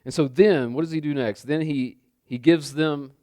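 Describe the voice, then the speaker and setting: A man's voice: on the high side, normal speed, dark tone, no echo, studio quality. A man preaching a sermon in a loose, conversational way, repeating phrases and checking in with his listeners. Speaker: pastor.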